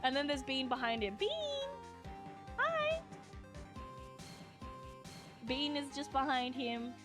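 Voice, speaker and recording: A woman's voice: sits high, steady tone, normal speed, over music. A young woman streaming a game live, reading its dialogue aloud in a flustered, giggly way.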